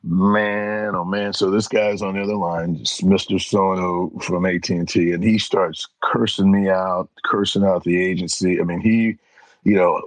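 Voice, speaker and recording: A man's voice: low voice, brisk, no echo, rough recording. A middle-aged man, an interview guest, telling casual stories and acting out the voices of the people in them. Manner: animated, acts out voices in anecdotes. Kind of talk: casual storytelling.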